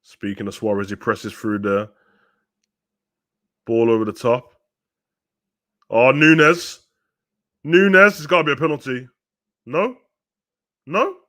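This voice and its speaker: A young man talks over a live football match, loose and slangy in his asides. When the play heats up he gets loud and excited, calling the action at a mid-pitched level. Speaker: watch-along host. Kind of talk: live football watch-along commentary.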